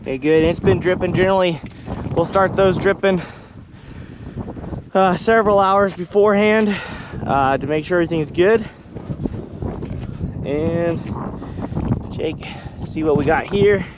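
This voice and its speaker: A man's voice: sits high, a little slow, long pauses, highs cut off. A farmer from Kansas casually talking viewers through his work outdoors, walking his field and a bit out of breath. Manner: relaxed, talks to viewers while walking a field. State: out of breath with hiccups. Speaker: farmer vlogger. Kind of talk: casual vlog narration while working. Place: outdoors on a windy farm field. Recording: wind noise on the mic.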